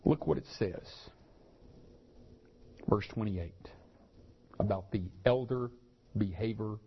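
A pastor preaching a sermon, acting out the story's characters with rising and falling intensity. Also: male voice, lowish voice, takes it slowly, creaky, pauses often, muffled recording, a little hiss or hum.

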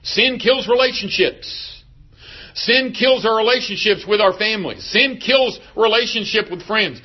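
A pastor preaching a sermon, emphatic and asking the congregation rhetorical questions. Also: male voice, high-pitched, measured pace, highs cut off.

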